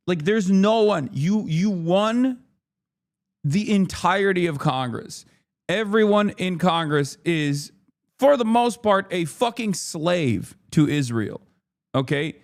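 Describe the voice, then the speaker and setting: A man's voice: high voice, animated, a little slow. A man hosting a livestream, ranting in frustrated, profane political commentary. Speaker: livestream host.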